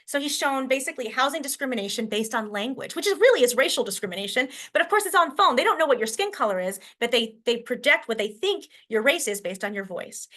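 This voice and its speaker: Speaking to fellow educators at a conference, a woman teacher from Washington State uses a quick, bright voice that's a little high. Her presentation is chatty, with fillers and restarts as she thinks aloud.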